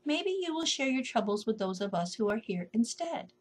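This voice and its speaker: A woman voicing a wise, gentle old grandmother spider who asks soft, coaxing questions. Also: fairly high pitch, very animated, moderate pace.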